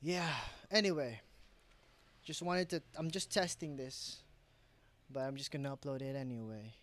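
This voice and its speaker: A man's voice: mid-range voice, fairly even intonation, normal speed, fairly bright tone. A young man vlogging at his home desk setup, rambling casually with frequent restarts and self-corrections.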